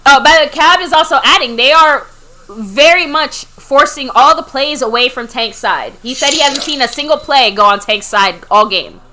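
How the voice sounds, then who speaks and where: A high, bright-voiced woman co-hosting a live fan watch party. She chats fast and easily, reads viewer messages aloud and breaks into laughter between them. Her tone has a clear, sharp edge. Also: lively intonation. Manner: chatty, reads chat messages and thanks donors, laughs often. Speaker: co-host reading viewer chat. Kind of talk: live game reaction chat.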